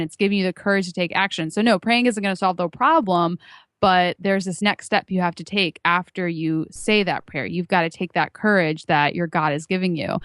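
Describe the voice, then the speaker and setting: A woman's voice: lowish voice, no room sound, clean studio sound. A woman co-hosting a podcast, earnestly explaining her view in a casual fan discussion. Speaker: podcast co-host.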